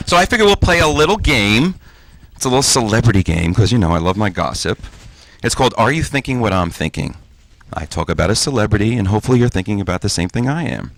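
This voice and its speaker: A man's voice: fairly low pitch, big pitch swings, fast talker, creaky, no echo. Campy forties man doing stand-up. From New Jersey. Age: 40s. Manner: campy self-deprecating punchline delivery. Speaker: comedian guest. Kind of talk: stand-up comedy set.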